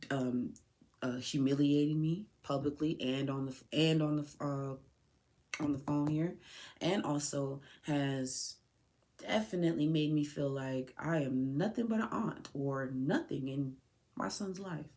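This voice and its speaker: A woman's voice: sits low, measured pace, mellow. A woman podcast host speaking directly to her son, raw, tearful and heartfelt. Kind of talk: emotional personal address to her son.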